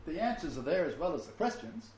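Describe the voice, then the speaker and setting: A man's voice: on the high side, big pitch swings, fast, darkish tone, a little hiss or hum. A man giving an informal Bible-study sermon, reading verses aloud and commenting, chuckling at his own asides. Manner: reads scripture aloud, then comments. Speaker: Bible teacher. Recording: roomy, dull lo-fi recording.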